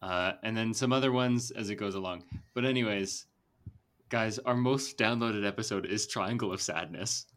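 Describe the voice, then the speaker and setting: A man's voice: fairly low pitch, normal speed, a bit bright. A young man hosting a casual movie podcast, chatty and rambling, with lots of fillers and laughter. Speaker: podcast host. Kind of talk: casual chat.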